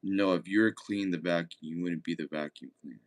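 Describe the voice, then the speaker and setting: A man's voice: deep voice, steady tone, fast talker. A young man chatting casually as a streamer, reading chat aloud, laid-back and rambling, cursing often.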